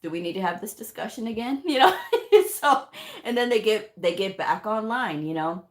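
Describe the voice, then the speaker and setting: A woman's voice: mid-range voice, moderate pace. A middle-aged woman, a medical coder, chatting casually on a live stream and answering viewer questions in an emphatic, talkative way. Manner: chatty and emphatic, with frequent "you know"s and laughs.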